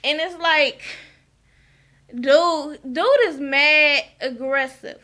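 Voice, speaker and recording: A woman's voice: sits high, extremely slow, sharp tone. A woman giving a frank, chatty recap of a TV episode and often asking "okay?". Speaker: reality TV recap vlogger.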